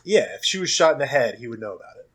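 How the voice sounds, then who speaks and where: A man's voice: mid-range voice, very animated, rapid-fire, fairly bright tone, husky, poor audio. A young man co-hosting a podcast, talking casually and thinking aloud about films. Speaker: podcast co-host. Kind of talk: casual film discussion.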